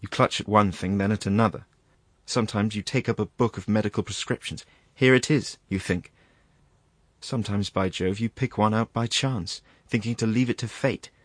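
A man's voice: on the low side, normal speed, dry recording, lightly acted. A man reading the part of a rambling, embarrassed country doctor, hesitant and full of asides. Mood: rueful. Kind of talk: audiobook reading.

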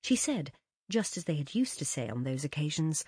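A woman reading a literary story aloud as narrator in an expressive, measured way. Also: low voice, husky, no room sound, clean studio sound. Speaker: audiobook narrator.

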